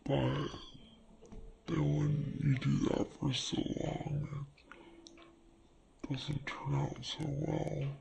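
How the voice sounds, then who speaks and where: Guy doing a slowed-down flirty gal fussing over her man, super draggy and gravelly, comedy bit. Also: a little high, little pitch movement, darkish tone, a little hiss or hum, exaggerated voice, poor audio. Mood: musing. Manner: drawn-out, halting and teasing. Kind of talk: slow-motion comedy skit.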